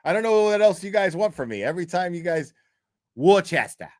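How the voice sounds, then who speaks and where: A man's voice: high-pitched, quick pace, no room sound, clean studio sound. A man hosting a live call-in stream, reacting loosely and swearing as he answers his chat. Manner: animated, swearing, repeating words for chat. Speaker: livestream host. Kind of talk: casual reaction commentary.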